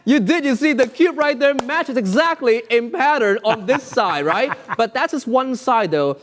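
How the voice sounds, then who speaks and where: A male magician with a high, bright voice that leaps all over the place as he works through his patter. He speaks with upbeat showman energy and chuckles often while he performs for viewers at home. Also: expressive, moderate pace. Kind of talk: interactive online magic show.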